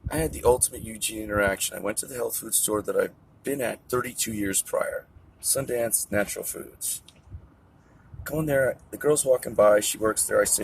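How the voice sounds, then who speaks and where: A man's voice: fairly low pitch, a little fast, vocal fry, a little hiss or hum. A middle-aged man venting in an agitated, profane, tangent-jumping monologue to camera. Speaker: vlogger. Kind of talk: ranting monologue.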